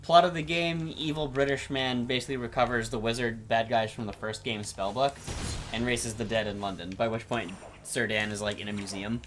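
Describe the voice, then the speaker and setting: A man's voice: mid-range voice, steady tone, brisk, fairly bright tone, slight background noise. A man co-hosting a casual gaming chat, telling a story in a rambling way with swearing and laughter. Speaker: co-host of a gameplay commentary show.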